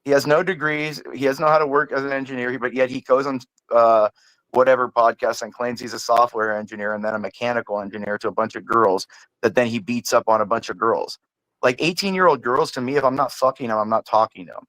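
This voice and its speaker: Man, mid-pitched, furious profane rant, stumbling restarts, dry sound. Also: steady tone, fast, fairly bright tone, no room sound, poor audio. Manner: angry, profane ranting with stammered restarts. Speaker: panelist. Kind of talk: heated livestream panel argument.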